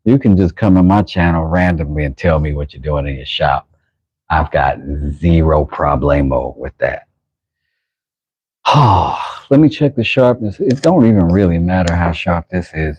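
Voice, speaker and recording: A man's voice: low-pitched, darkish tone, breathy edge, no echo, highs cut off. A man hosting a livestream from his workshop, chatting casually with viewers and reacting aloud as he works. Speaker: livestream host and knifemaker. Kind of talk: casual livestream chat while working.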